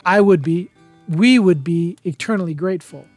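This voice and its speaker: A woman's voice: lowish voice, normal speed, darkish tone, dry recording, soft background music, natural voice. A man voicing a breathless, gushing young mother who is starstruck, in an audiobook.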